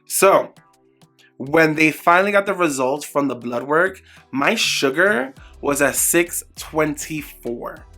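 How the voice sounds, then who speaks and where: Bright-voiced young man, candid vlog story. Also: on the high side, takes it slowly, faint music behind. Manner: animated, candid, acts out quoted exchanges. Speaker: vlogger. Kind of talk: casual storytelling to camera.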